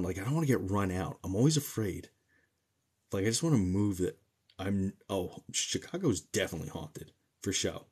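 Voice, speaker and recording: A man's voice: low-pitched, lively intonation, fairly quick, darkish tone, breathy edge. A young man from New Jersey, a medium, chatting casually and joking as he reads out and answers livestream comments.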